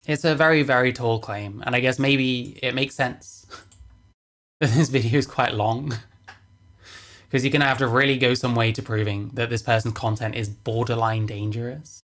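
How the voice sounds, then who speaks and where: A woman's voice: very deep voice, steady tone, normal speed. A woman reacting to a video on stream, sarcastic, swearing and dismissive in casual commentary.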